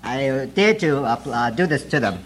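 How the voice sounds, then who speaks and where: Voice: mid-range voice, animated, normal speed, a little hiss or hum, low-quality recording. An interpreter rendering a preacher's testimony sentence by sentence, hesitant and often laughing. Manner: hesitant, many fillers and restarts, often laughing. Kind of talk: consecutive interpreting of a sermon.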